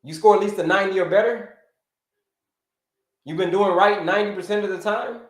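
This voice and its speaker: A man's voice: sits high, fairly even intonation, fairly quick, roomy sound. A man hosting a livestream health lesson. He teaches with energy, repeats his key points and greets viewers by name. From United States. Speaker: health coach, livestream host. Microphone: livestream setup.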